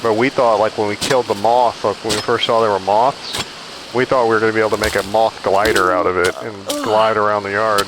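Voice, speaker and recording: A man's voice: fairly low pitch, level tone, brisk, background noise. A man casually chatting while playing a survival video game, rambling into storytelling asides. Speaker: gaming streamer. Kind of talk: casual gameplay chat.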